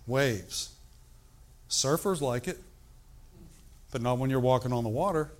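Older man, preacher, sermon, emphatic, swings from loud to hushed, mid pitch. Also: unhurried. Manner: animated, emphatic, shifts between loud and hushed.

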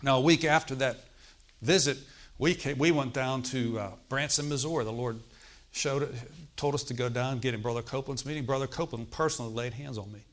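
A man preaches briskly with few pauses, his medium-pitched voice a bit bright. He tells a personal testimony in a conversational style, often checking with the congregation through "Okay?"

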